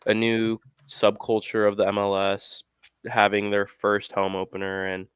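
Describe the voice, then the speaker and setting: A man co-hosting a casual podcast, speaking in a calm, matter-of-fact way. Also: lowish voice, measured pace, clear, resonant tone, dry recording. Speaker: podcast co-host.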